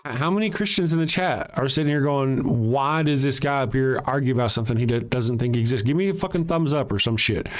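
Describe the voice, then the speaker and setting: A man hosts a livestream on his own, reading viewer comments and firing back with sarcasm and plenty of swearing. His voice sits at an ordinary middle pitch, and he talks in a loose, conversational way into a desk mic. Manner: blunt, sarcastic and profane, argues with chat. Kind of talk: casual livestream rant.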